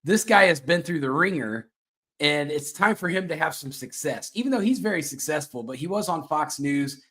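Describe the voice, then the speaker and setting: A man's voice: on the high side, animated, normal speed, pushed and bright. Rambling man hosting a chat show. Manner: rambling, filler-heavy and self-mocking. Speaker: show host.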